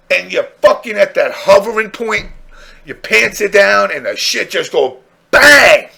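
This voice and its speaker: Casting: lively male podcast host, gravelly and bright, vulgar comic storyteller. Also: sits high, moderate pace. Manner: crude, animated, acts out dialogue. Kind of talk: comedic storytelling.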